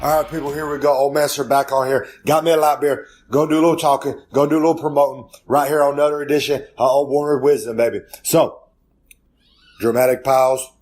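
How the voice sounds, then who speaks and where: Boastful drawling wrestler cutting a promo. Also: male voice, on the high side, fairly even intonation, fast, few pauses, darkish tone, soft background music. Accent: Southern US. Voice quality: drawling, boastful, rambling catchphrases. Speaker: wrestler doing a promo segment.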